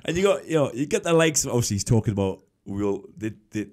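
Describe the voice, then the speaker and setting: A man in his forties hosts a podcast in a relaxed, casual way. He agrees readily and laughs easily as he talks. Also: mid-range voice, fast talker. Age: 40s. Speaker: podcast host.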